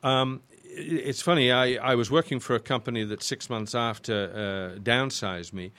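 Medium in pitch, fairly bright and clean in tone, and at normal speed, this older man's voice carries an English accent from Yorkshire. He's a voice actor guesting in a casual interview, wandering through stories and restarting often.

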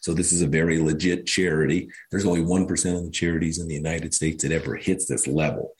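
A man's voice: rumbling low, steady tone, quick pace. A man being interviewed as a charity founder on a studio radio show, telling long rambling stories and acting out the people he quotes. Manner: rambling storyteller, acts out quoted voices. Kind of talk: casual interview talk.

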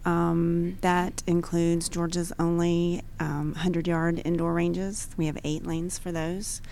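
Low gravelly-voiced woman guest. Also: level tone, mellow, a little hiss or hum. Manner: measured, many ums and restarts. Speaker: radio guest, gun range owner. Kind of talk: radio interview answers. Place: radio studio.

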